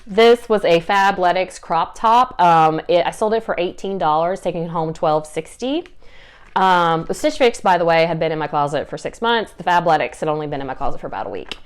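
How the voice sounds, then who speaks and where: A young woman with a Southern US accent talks casually to camera, upbeat and chatty, dropping little laughs and fillers as she goes. Her voice is smooth and clear and sits a little low. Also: lively intonation, fairly quick. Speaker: reseller vlogger.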